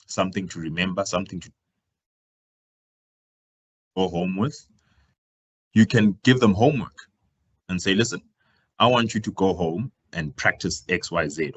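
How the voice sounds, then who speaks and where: A man gives a career talk on public speaking, projecting loudly and swinging his voice up and down to demonstrate. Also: husky, muffled recording. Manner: projecting louder than usual, swinging his pitch and volume up and down to demonstrate. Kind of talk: live workshop presentation.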